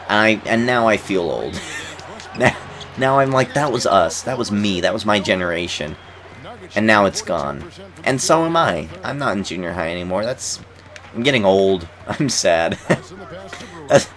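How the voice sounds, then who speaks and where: A man's voice: on the low side, a bit bright. A man in his twenties rambling casually in commentary over a basketball video game, repeating words and chuckling. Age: 20s. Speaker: gaming YouTuber.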